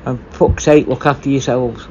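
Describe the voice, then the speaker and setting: A former prison officer talking bluntly in a casual, sweary monologue. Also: male voice, mid-range voice, steady tone, moderate pace, darkish tone, lo-fi sound, a little hiss or hum.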